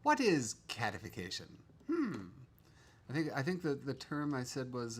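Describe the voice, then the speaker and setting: A man's voice: medium pitch, wildly swooping pitch, moderate pace, slightly rough. A man hosting a casual livestream from a home studio, chatting loosely, trailing off and restarting his sentences. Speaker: livestream host.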